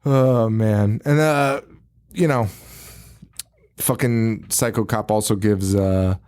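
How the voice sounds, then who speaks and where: A man's voice: lowish voice, steady tone, slow pace, darkish tone, clear, resonant tone. A man hosting a podcast, casually retelling a film with frequent laughter and swearing. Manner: laughing often, swearing, acting out lines. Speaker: podcast host. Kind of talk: casual movie recap.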